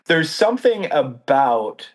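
A man with a fairly high voice in a relaxed book discussion. He thinks aloud, hunts for the right word and keeps checking in with his co-host. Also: slow pace. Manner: thoughtful, searching for words, frequent "right?" checks.

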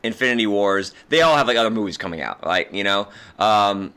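A man's voice: on the low side, lively intonation, brisk, sharp tone, clean tone. A man co-hosting a casual chat about comics, rambling with many "like" fillers and mocking himself now and then. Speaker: podcast co-host.

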